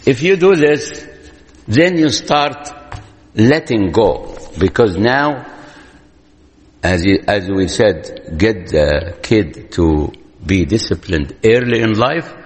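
Slow, deliberate man. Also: lowish voice, lively intonation. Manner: slow, deliberate, repeats key points for emphasis. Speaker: speaker giving parenting advice. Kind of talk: lecture-style talk. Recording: long hall reverb.

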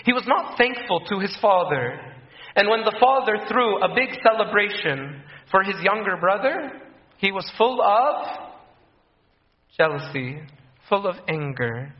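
A man's voice: high-pitched, sing-song, a little slow. A man preaching a sermon, earnest, repeating key phrases and acting out the voices of people in his stories. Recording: echoey room, dull lo-fi sound.

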